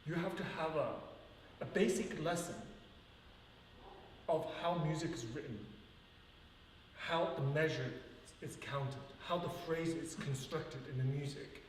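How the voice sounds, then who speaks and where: A man's voice: a little high, measured pace, long pauses, a little hiss or hum. Earnest male ballet teacher counting aloud. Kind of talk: teaching a live ballet class. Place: large echoey dance studio. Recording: far-off voice in an echoey hall.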